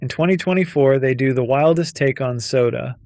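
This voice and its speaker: A man's voice: medium pitch, fairly quick, a little mellow, dry recording. A man narrating a scripted video essay with a punchy, wry delivery.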